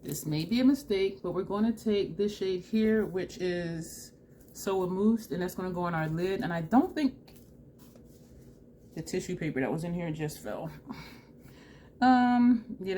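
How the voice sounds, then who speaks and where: A woman vlogger chatting excitedly and laughing often as she talks viewers through a makeup tutorial. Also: lowish voice, moderate pace, slight background noise. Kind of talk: casual makeup tutorial chat.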